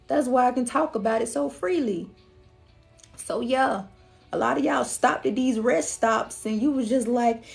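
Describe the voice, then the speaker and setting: A woman's voice: a little high, normal speed, gravelly, soft background music. A woman, talking casually to her viewers during a collective reading and acting out their inner voices. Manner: animated, slangy, acts out the viewer's inner voice. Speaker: tarot reader.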